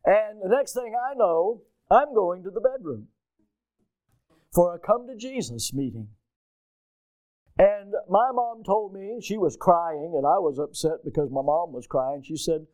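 A man preaching a sermon, reading scripture and telling a lively childhood story, acting out the voices of people in it. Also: sits high, measured pace, no echo, low-quality recording. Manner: storytelling, animated, acts out quoted voices. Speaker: pastor.

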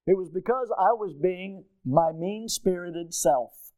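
A man preaching a sermon, reading scripture and telling a lively childhood story, acting out the voices of people in it. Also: sits high, normal speed, no echo, low-quality recording. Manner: storytelling, animated, acts out quoted voices. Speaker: pastor.

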